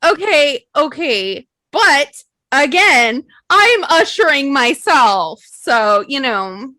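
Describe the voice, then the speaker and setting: A woman's voice: high voice, big pitch swings, slow pace, bright, forceful tone, no room sound. A young woman co-hosting a casual podcast chat, self-deprecating and swearing, laughing often and acting out her own quotes. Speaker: podcast co-host.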